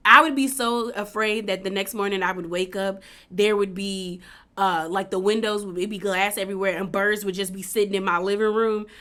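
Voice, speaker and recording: Woman, casual recap commentator, chatty, fillers, acted-out quotes, bright voice. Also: mid-range voice, steady tone, normal speed.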